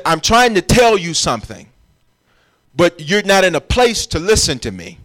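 A man's voice: fairly high pitch, a bit bright. A man preaching a sermon as pastor, emphatic and urging his congregation along as he explains scripture. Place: church.

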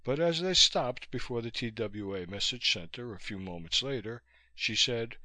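Man narrating an audiobook, bright voice. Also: medium pitch, lively intonation, normal speed, hardly any pauses, no room sound. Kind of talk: scripted narration.

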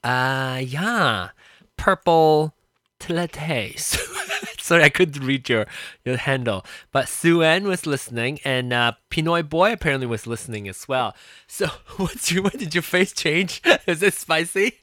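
A woman's voice: deep voice, expressive, unhurried, a bit bright, dry recording, clean studio sound. A woman co-hosting a podcast, chatting casually in a teasing, playful way. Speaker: podcast co-host. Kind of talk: casual chat.

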